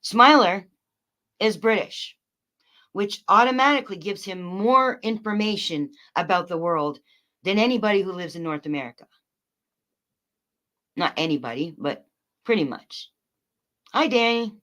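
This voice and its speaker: A woman livestreaming, ranting at her chat in a profane, mocking way, swinging between loud outbursts and quiet remarks. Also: medium pitch, expressive, a little slow, long pauses. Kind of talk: angry livestream rant to chat.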